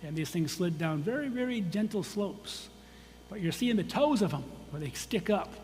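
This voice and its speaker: A man's voice: high voice, lively intonation, normal speed, a little mellow. A man from Michigan giving a casual, conversational presentation to an audience as a guest geologist, with frequent restarts and asides. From Michigan, USA. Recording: long hall reverb, faint hum.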